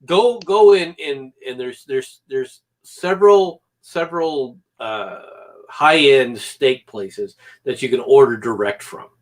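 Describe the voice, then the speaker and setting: A man's voice: medium pitch, takes it slowly. A man co-hosting a casual podcast chat, skeptical and teasing in his replies. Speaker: podcast co-host, military veteran.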